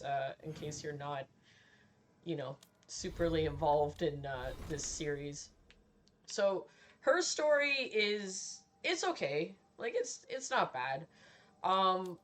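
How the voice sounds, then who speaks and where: A woman's voice: mid-range voice, fairly bright tone, slight background noise. A woman game streamer giving casual, candid commentary while she plays, laughing often and swearing freely.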